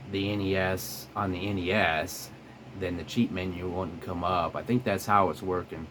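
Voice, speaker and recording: A man with a cold talking through a retro game, halting and rambling with many ums and restarts. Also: low-pitched, pushed and bright, slight background noise. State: has a cold. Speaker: gameplay commentator. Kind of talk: casual game commentary. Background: retro game music.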